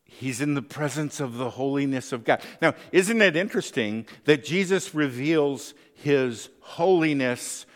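A man's voice: medium pitch, lively intonation, a little slow, hardly any pauses, in a large hall. A man preaching a sermon as pastor, conversational, often checking in with the listeners with tag questions.

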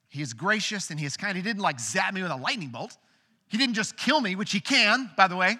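A man in his thirties preaching a sermon, telling a personal story in an earnest way that swings from hushed to emphatic. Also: sits high, animated, fairly quick, slightly rough. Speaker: pastor. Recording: long hall reverb.

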